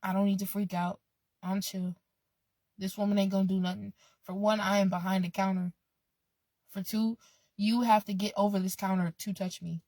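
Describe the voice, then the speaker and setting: A woman's voice: medium pitch, level tone, normal speed, darkish tone, dry recording. A woman vlogging in a casual, rambling way, laid-back, swearing freely and drifting off on tangents. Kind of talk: casual rambling vlog talk.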